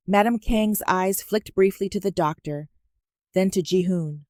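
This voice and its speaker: A woman narrating a romance story in a measured, even reading. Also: medium pitch, no echo, studio quality.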